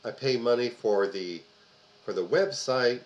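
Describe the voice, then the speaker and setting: A man speaking straight to his audience in an emphatic opinion monologue. He leans hard on key words and repeats phrases for stress. His talk is loose and unscripted, dotted with fillers. His pitch sits in a middle range for a man. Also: measured pace, lo-fi sound. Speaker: host of a political commentary video.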